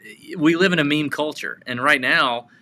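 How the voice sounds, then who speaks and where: A man co-hosting a casual podcast, telling rambling stories with excitement. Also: on the high side, moderate pace. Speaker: podcast co-host.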